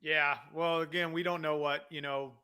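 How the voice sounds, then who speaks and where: A male comedy host reads out viewer questions and rambles in a casual, self-deprecating way, full of fillers. His voice is somewhat high and very bright and sharp. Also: level tone, normal speed, smooth. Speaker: comedy wrestling show host.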